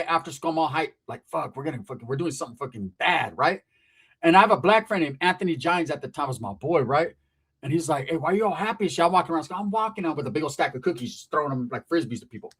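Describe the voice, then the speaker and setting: Comic storyteller, man in his forties from California, rapid and raunchy, acts out every character. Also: fairly high pitch, husky. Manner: profane, animated, acts out voices. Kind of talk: comedic storytelling.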